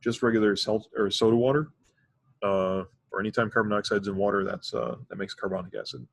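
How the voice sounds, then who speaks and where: Man, chemistry teacher, methodical lecture, dry close sound, low voice. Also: fairly even intonation, brisk, vocal fry, no echo. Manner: methodical, explains step by step with fillers. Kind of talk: recorded classroom lecture.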